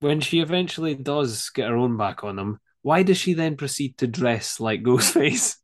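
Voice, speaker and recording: A man talks loosely about a film, trailing off and restarting, swearing and laughing as he goes. His voice sits at an ordinary middle pitch. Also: animated, moderate pace. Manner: rambling, laughs often, swears. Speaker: podcast co-host. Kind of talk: casual film chat.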